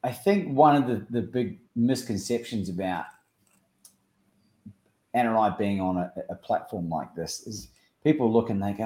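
An Australian man chatting as a guest, an animated storyteller who acts out quoted dialogue. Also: medium pitch, moderate pace, roomy sound. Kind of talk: casual chat.

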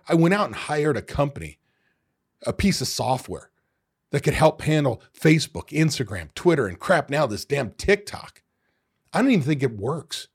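A middle-aged man hosts a solo podcast in a lively, swinging voice with a gravelly edge. His tone is husky as he retells other people's gripes with exasperated energy and the odd curse word. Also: a little high. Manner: animated, exasperated retelling of owners' complaints with mild swearing. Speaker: podcast host.

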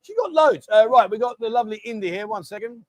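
Quick and lively in intonation, his high voice comes through a dry recording. The middle-aged host of a casual livestream chats and reads out viewer comments in a friendly, matey style, frequently saying mate.

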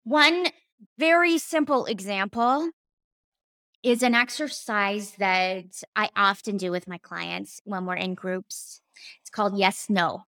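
A woman's voice: mid-range voice, slow pace, bright, forceful tone, no room sound. A woman coach and former therapist giving a casual teaching talk, earnest, with emphatic repetitions and casual slang.

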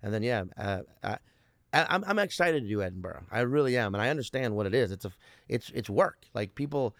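A man's voice: mid-range voice, lively intonation, fairly quick, dry recording, clean studio sound. A man, a stand-up comedian, chatting casually as a guest; he rambles, swears often and restarts his sentences. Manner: rambling, profane, many restarts. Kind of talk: casual podcast chat.

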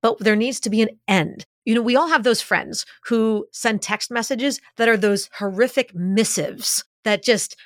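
A woman's voice: fairly high pitch, moderate pace, hardly any pauses, dry recording, studio quality. A woman being interviewed as an expert on leadership communication, explaining energetically and acting out little examples as she goes. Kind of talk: podcast interview.

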